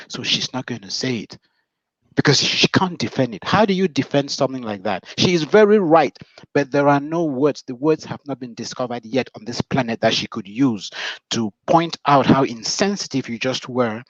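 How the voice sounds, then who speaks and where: Man giving measured relationship advice. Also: mid-range voice, no room sound. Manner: measured, preacherly, reflective. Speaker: relationship coach. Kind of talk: motivational advice talk. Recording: dull, dry lo-fi sound.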